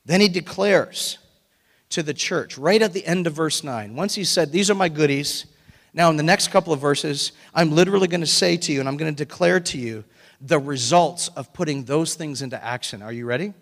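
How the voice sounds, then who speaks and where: Energetic pastor preaching in a reverberant hall. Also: male voice, a little high, brisk. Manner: animated, breaks into excited shouting and laughter. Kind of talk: sermon. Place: church sanctuary.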